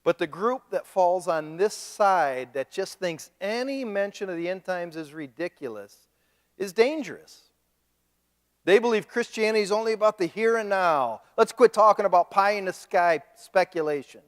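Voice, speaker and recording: Joking preacher in an echoing church. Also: male voice, high-pitched, moderate pace. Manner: animated, joking, mimics other people. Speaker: pastor. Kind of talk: sermon. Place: church sanctuary. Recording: long reverb of a church hall.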